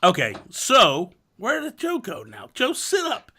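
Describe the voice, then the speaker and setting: A man's voice: very high-pitched, unhurried, breathy edge. A young man hosting a casual gaming podcast, telling stories with lots of laughter and mock exasperation. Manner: animated storyteller, laughs often, mock exasperation. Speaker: podcast host.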